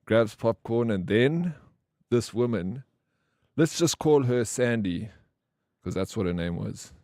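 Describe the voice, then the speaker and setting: A man's voice: medium pitch, slow pace, dry recording, clean studio sound. Slangy man streaming. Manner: animated storyteller acting out quoted people; slangy, swears freely. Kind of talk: casual live-stream chat.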